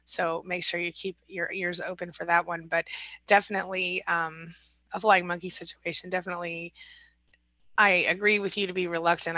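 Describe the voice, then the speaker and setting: A woman hosts a casual live stream, reading out viewer comments and answering them with encouragement. Her voice sits a little low but comes across bright and forceful. The sound is close and dry, with almost no room in it. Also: no echo, rough recording. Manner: chatty and supportive, reads comments aloud then responds. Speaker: live-stream host and recovery coach.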